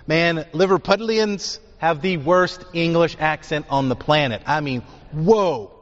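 A man's voice: on the high side, measured pace. A man preaching a sermon, teaching emphatically and asking his listeners rhetorical questions. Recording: dull sound with long hall reverb.

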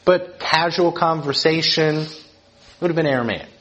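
A man's voice: fairly high pitch, measured pace, fairly bright tone, low-quality recording. A man giving an informal teaching talk, explaining in a conversational way and often checking in with his listeners. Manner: conversational, keeps checking in with "right?".

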